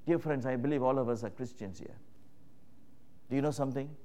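A man preaching a sermon, emphatic and repetitive, rising to loud exclamations and dropping to hushed passages, calling his listeners friends. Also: mid-range voice, brisk. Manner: repeats phrases, addresses listeners as friends.

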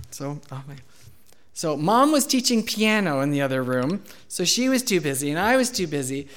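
Man, pastor, sermon, candid storytelling, loud acted outbursts, fairly high voice. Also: big pitch swings, moderate pace. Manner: candid storytelling, acts out his own outbursts loudly.

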